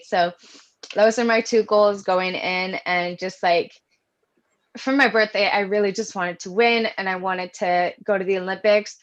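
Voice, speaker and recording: A woman's voice: medium pitch, fairly even intonation, moderate pace. A woman, chatting earnestly as an interview guest and telling her story in detail. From Canada. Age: early 20s. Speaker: guest athlete. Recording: dull lo-fi audio.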